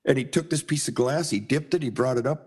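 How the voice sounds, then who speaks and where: A man's voice: medium pitch, quick pace, slightly rough. A middle-aged man from Minnesota, a sign painter telling a story in casual conversation and acting out the voices in it. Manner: animated, acts out voices in his anecdotes.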